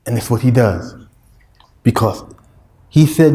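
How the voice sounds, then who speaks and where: A man's voice: mid-range voice, expressive, measured pace, pauses often, dark tone, reverberant. A man with an American accent preaching a sermon, emphatic and repetitive, with street slang. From United States.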